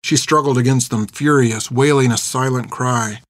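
Man reading an audiobook, steady and even, dead dry sound. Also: medium pitch, normal speed, few pauses, dry recording. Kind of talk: audiobook narration.

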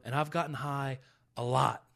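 A man's voice: medium pitch, steady tone, moderate pace, gravelly, fairly bright tone. A man hosting a rehab ministry podcast, talking in an earnest and emotional way with many restarts. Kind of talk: candid faith podcast chat.

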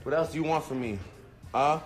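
A man's voice: a little high, a little fast, faint music behind. A man on a live video, boasting and teasing playfully.

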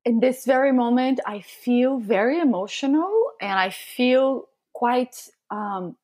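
A woman speaks as a podcast guest in a mid-pitched voice, reflective and open about her feelings. She talks slowly through her thoughts, pausing and restarting as she goes. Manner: soft, reflective, emotionally open talk with pauses and fillers. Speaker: podcast guest, spiritual coach. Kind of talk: casual podcast conversation.

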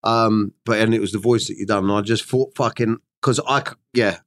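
A man hosting a podcast, asking questions in a blunt, relaxed way and swearing freely. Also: on the low side, fairly quick, slight background noise. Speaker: podcast host. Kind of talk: casual interview chat.

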